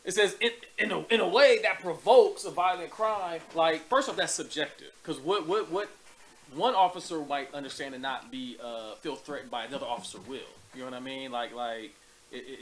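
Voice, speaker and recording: A man's voice: a little high, normal speed, a bit bright. A man co-hosting a live call-in chat in slang, questioning things and repeating his points.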